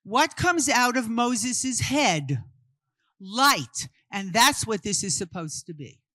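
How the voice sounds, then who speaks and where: A woman's voice: on the high side, animated, takes it slowly, sharp tone, no room sound. A woman from Brooklyn, giving an interactive art history talk and firing questions at her audience before answering them. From Brooklyn, New York. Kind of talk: interactive talk to a live group.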